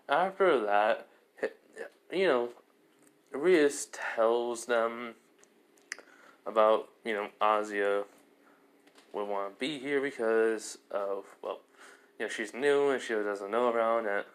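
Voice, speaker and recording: A man's voice: fairly low pitch, slow, pauses often. A man casually retelling a fan-made story in a rambling way, heavy on fillers.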